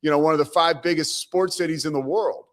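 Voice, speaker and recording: A man's voice: on the high side, fairly quick. A man hosting a sports talk show, chatting casually and telling stories with acted-out quotes. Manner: animated storyteller, acts out quotes. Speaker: show host. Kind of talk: casual sports radio chat.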